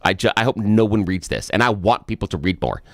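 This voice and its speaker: Talk radio co-host, middle-aged man, low voice, fired-up and indignant, dry studio sound. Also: lively intonation, brisk, dry recording. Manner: emphatic, indignant ranting.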